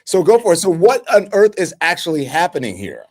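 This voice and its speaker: A man hosting a live political talk show, animated, with many fillers and restarts. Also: on the high side, brisk, dry recording, studio quality. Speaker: host.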